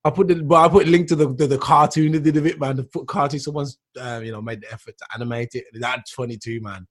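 Talking fast in a fairly even, mid-range voice, this man from England hosts a casual podcast chat. He rambles on and keeps adding "man" to the end of his sentences.

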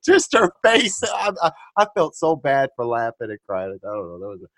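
A man in casual chat as a co-host, excitable and animated, swearing freely. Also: mid-range voice, normal speed.

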